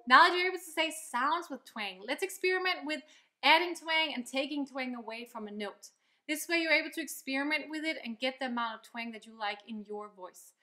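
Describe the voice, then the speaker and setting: Bright high-voiced woman teaching singing. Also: brisk. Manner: upbeat, encouraging, explains step by step. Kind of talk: vocal lesson with demonstrations. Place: loud location, not a quiet studio.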